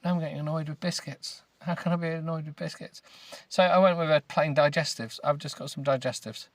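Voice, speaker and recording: A British man hosting a comedy podcast, grumbling and rambling as he reads a book aloud with deadpan, self-mocking remarks. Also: a little high, fairly quick, dry recording. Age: adult with children. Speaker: podcast host.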